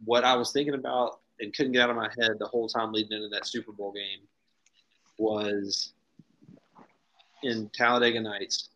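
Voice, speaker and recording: A man's voice: on the low side, flat delivery, moderate pace, long pauses, bright, forceful tone, dull audio. A man co-hosting a sports podcast, chatting casually in an easygoing, joking way. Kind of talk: casual chat.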